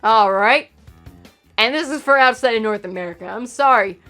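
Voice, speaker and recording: A woman's voice: fairly high pitch, moderate pace, pushed and bright, soft background music. A woman host reading a game manual aloud for comedy, breaking in with sarcastic, profane asides. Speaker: channel host.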